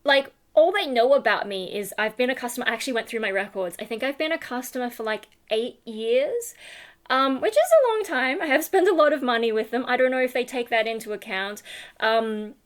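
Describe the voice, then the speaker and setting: A woman's voice: fairly high pitch, lively intonation, fairly quick. A woman, chatting casually to her vlog audience, rambling with lots of fillers and restarts. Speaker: YouTuber.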